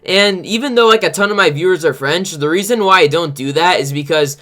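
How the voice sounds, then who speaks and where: Casual gaming host, male, high voice, loose and rambling, fills his talk with "like". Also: brisk, sharp tone. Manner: rambling, heavy use of "like". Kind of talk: casual gameplay countdown commentary.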